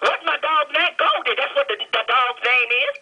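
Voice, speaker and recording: A man's voice: very high-pitched, moderate pace, bright, forceful tone, dull audio, exaggerated voice. Man voicing an outraged Southern dog-owner lady. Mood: puzzled. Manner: stammering, exasperated, profane. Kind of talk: radio prank call bit.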